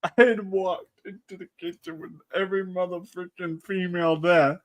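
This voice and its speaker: A man's voice: high-pitched, steady tone, normal speed, dry recording. A man from New England with a Boston accent, chatting casually as a livestream guest, laughing often and swearing freely. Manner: laughing, profane storytelling. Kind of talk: casual chat.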